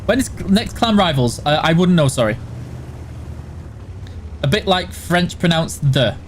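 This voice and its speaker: A man's voice: a little high, lively intonation, measured pace, a little hiss or hum. A man from the Yorkshire border area with a mild Yorkshire accent, hosting a live stream and answering chat in a casual, matter-of-fact way. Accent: mild Yorkshire English. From West and South Yorkshire border, England. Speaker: stream host reading chat.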